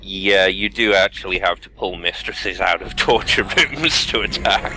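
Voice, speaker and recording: A man's voice: deep voice, unhurried, sharp tone, slight background noise, low-quality recording. A man making dry, wry asides as co-commentator on a game. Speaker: co-host. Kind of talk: casual gameplay commentary.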